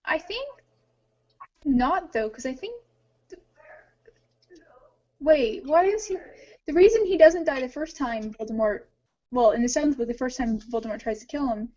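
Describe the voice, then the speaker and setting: A woman with a fairly high voice talks her way through ideas in a casual podcast chat, starting sentences over and jumping between thoughts. The audio is a bit dull and lo-fi. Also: normal speed, long pauses. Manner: animated, thinks aloud with restarts. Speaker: podcast co-host. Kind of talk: casual book-club discussion.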